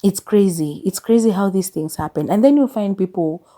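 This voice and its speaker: A woman's voice: medium pitch, lively intonation, moderate pace, warm tone. A Kenyan woman in her thirties hosting a podcast, speaking candidly and confessionally about her life, now and then breaking into exasperated emphasis and slipping in Swahili phrases. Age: 30s. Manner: mixes English with Swahili phrases. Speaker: podcast host. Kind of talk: personal reflective monologue.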